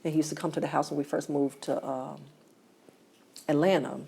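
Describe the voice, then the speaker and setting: A middle-aged woman speaks in a low, gravelly voice with a dark, husky tone. She talks as a podcast guest, telling stories and often quoting what other people said. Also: steady tone, fairly quick. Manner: storytelling, often quotes others and laughs softly. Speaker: guest, mother of a man killed in prison. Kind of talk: emotional interview.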